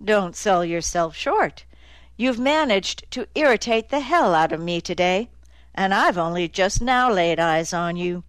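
A woman's voice: medium pitch, animated, a little slow, clean tone, no echo, lightly acted. A woman voicing a hard-edged male detective who is sardonic and cutting, in an audiobook. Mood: angry. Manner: dry, cutting, needling. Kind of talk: audiobook character voice.

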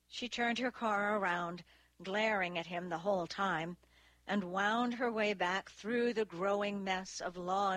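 A woman reading a novel aloud as narrator, in a measured, steady delivery. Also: medium pitch, dry recording. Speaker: audiobook narrator. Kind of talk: scripted narration.

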